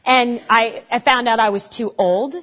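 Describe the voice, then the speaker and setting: A woman in her forties answering audience questions in a casual, animated way, acting out the voices of people she quotes. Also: a little high, measured pace. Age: 40s. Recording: dull lo-fi recording.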